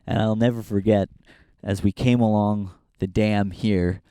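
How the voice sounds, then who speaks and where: A young man from Northern California hosts his own podcast while walking a hiking trail, speaking into a handheld camera in a rambling, profane, self-deprecating walk-and-talk vlog. His voice is on the low side, warm, smooth, steady, and unhurried, with clean studio-quality sound and no echo.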